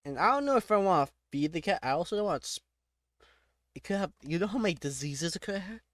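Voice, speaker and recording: A man's voice: high voice, lively intonation, fast, fairly bright tone, no echo, studio quality. A man playing a text adventure, reading the game text aloud and reacting casually, laughing often and breaking off with startled exclamations.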